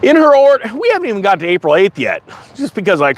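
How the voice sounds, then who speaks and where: A man's voice: high voice, huge pitch swings, fast. A man hosting a sarcastic news commentary, often acting out mocking voices. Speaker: commentary channel host.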